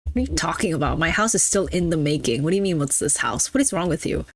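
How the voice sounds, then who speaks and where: A woman's voice: sits low, expressive, quick pace, husky. A young adult woman streaming a game, chatting casually and teasing her chat with mock-snobby banter. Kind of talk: casual live-stream chatter while gaming.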